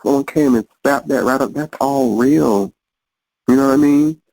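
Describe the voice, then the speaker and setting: Podcast guest, male, husky, reflective repeater, dry close sound. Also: medium pitch, normal speed, dark tone, no room sound, poor audio. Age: adult. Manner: reflective, repeats phrases, restarts often. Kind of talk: casual conversation.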